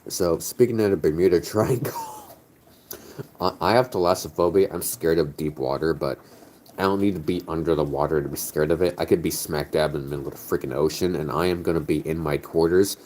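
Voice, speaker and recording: A man's voice: very deep voice, brisk, darkish tone, a little hiss or hum. A tipsy man chatting casually on a stream, rambling, joking and swearing, his words slightly slurred. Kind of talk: casual chat.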